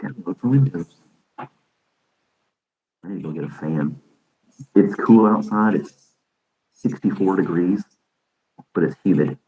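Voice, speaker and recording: Very low-voiced male podcast host, loose rambling chat, frequent chuckles. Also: expressive, a little slow, pauses often, mellow, low-quality recording. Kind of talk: casual live-stream chat. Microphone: desk microphone.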